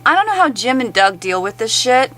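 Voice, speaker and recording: A woman's voice: fairly high pitch, big pitch swings, a little fast, fairly bright tone, poor audio. A woman in an angry, blunt, profane rant to camera. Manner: blunt, heavily profane, exasperated.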